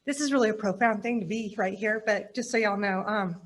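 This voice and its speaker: A woman's voice: mid-range voice, a little fast, a little hiss or hum. A woman, the incoming president, giving a heartfelt, humbled acceptance speech and thanking her colleagues, a little choked up. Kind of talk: acceptance speech at an awards program.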